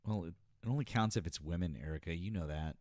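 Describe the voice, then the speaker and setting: A man's voice: sits low, quick pace, a little mellow, no echo. A man hosting a casual livestream chat, joking in a dry, easygoing way. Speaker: host.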